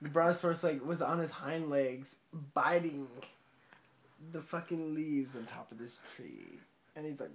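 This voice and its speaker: A drunk man retells a film in a loose, rambling way, his pitch leaping up and down all the time. He swears constantly and laughs at his own story. A faint hiss sits under his voice. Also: lively intonation, moderate pace. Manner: rambling, laughing, swearing, sudden loud outbursts.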